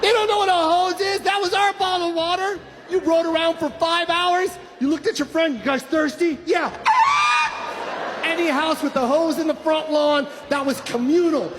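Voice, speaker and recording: A middle-aged man doing stand-up, ranting loudly and nostalgically. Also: extremely high pitch, steady tone, moderate pace, few pauses. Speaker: stand-up comedian. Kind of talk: stand-up routine. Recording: loud crowd and noise. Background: roaring audience.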